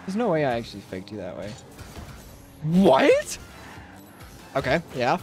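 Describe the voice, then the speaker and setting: A man streaming a game, chatting casually with rambling restarts and sudden excited outbursts. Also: mid-range voice, normal speed, long pauses, faint music behind. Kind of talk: casual live-stream gaming commentary.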